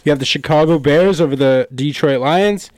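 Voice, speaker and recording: A man's voice: a little high, normal speed, a little mellow, dry recording, studio quality. A man, hosting a casual sports podcast and announcing the matchups in an upbeat way. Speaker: podcast host.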